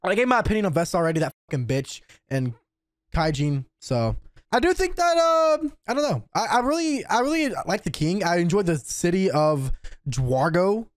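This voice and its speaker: A man hosting an anime reaction, talking casually and excitably, swearing and yelling at the screen. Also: sits high, normal speed, no room sound, studio quality. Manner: excitable, profane, yells at the screen.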